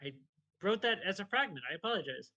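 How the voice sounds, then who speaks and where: A man hosting a comedy show, reading scripted trivia in a dry way and sometimes reading the punctuation out loud. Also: high voice, very animated, quick pace, muffled recording. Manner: dry, reads punctuation aloud. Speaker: podcast host.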